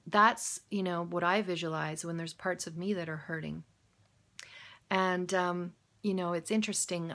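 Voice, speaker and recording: A woman who works with patients, talking casually and gently, guiding a visualization and laughing often. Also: fairly low pitch, vocal fry. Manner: soft, encouraging, laughs often. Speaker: health practitioner. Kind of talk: casual guided talk. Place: home.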